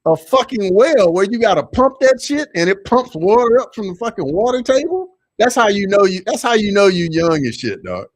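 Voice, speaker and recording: A young man with a Southern accent, hosting a casual livestream and reading chat, loose and slangy, jumping to loud excited bursts. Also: high-pitched, moderate pace, few pauses, dry recording, studio quality.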